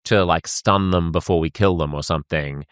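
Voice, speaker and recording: A man's voice: deep voice, moderate pace, clean tone, dry recording. Dry-sounding Australian man, wry storyteller. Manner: wry, animated storytelling with frequent fillers. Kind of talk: casual chat.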